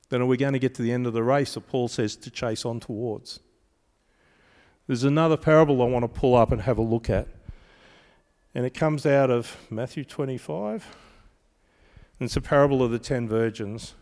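A man preaches a sermon in a conversational, animated manner, breaking into storytelling as he goes. His voice sits in an ordinary middle pitch. The recording carries the long echo of a large hall. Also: moderate pace, pauses often. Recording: reverberant hall.

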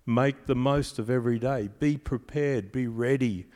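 A man delivering a sermon in an animated, conversational way, telling stories to his congregation. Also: medium pitch, moderate pace. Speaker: preacher. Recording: reverberant hall.

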